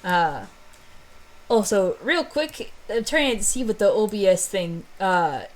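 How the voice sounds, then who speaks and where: Rambling, self-mocking woman streamer. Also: mid-range voice. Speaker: streamer and story author. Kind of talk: casual chat.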